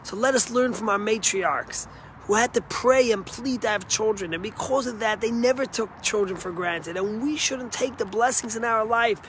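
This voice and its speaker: A male rabbi giving a short sermon, telling stories in an earnest way and dropping soft and low for quoted lines. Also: moderate pace, slight background noise.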